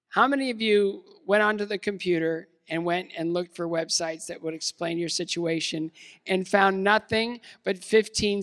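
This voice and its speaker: A man's voice: high-pitched, fairly bright tone. Casual joking man in reverberant hall. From United States. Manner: casual, self-deprecating humor with fillers and restarts. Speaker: keynote speaker. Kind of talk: motivational talk. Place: large event hall.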